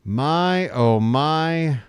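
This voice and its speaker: A man's voice: a little high, animated, drawn-out words, clear, resonant tone, no echo. A man calling a baseball game live as a fan host, folksy and joking, talking to viewers as folks. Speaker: play-by-play host. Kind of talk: live fan play-by-play commentary.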